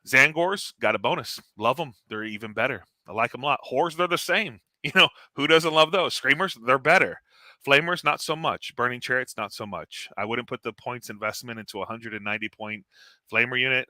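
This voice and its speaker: A man talking tabletop strategy as a guest, animated and blunt, laughing often. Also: mid-range voice, brisk, no room sound. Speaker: guest tournament player. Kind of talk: casual gaming strategy chat.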